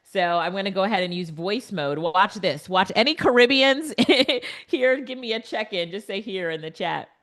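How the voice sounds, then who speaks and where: A woman's voice: mid-range voice, normal speed, hardly any pauses, a bit bright. A middle-aged woman running a live online class, chatty and upbeat, laughing often as she talks to viewers over a computer mic. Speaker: webinar instructor. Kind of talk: live online teaching demo. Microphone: computer mic on a video call.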